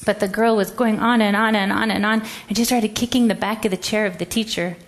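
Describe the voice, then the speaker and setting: A woman's voice: mid-range voice, fairly even intonation, fairly quick. A woman educator giving a presentation, telling a classroom story and acting out the quoted voices. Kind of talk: presentation talk.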